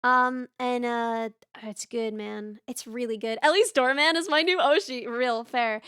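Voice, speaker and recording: A young woman chats casually to her stream, rambling, restarting sentences and laughing as she goes. Her voice sits high and bright. The close mic sounds dry, with no room around it. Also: a little slow, clear, resonant tone, no room sound. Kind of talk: casual chat reading live chat.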